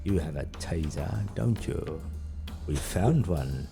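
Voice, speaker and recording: A man's voice: deep voice, expressive, slow, creaky, over music, exaggerated voice. A man reading as a stern male police inspector in a murder mystery game, asking blunt, probing questions.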